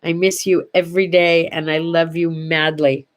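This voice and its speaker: An older woman hosting a casual morning chat show, talking chattily to her viewers and going soft on sad memories. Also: deep voice, flat delivery, moderate pace. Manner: chatty, warm-hearted, goes quiet and soft on sad memories. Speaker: host.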